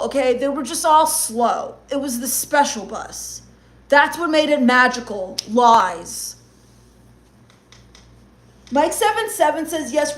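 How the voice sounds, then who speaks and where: On a comedy livestream, a high-voiced woman reads out messages from chat. Her replies come as sarcastic, gloomy rants delivered in mock-goth fashion.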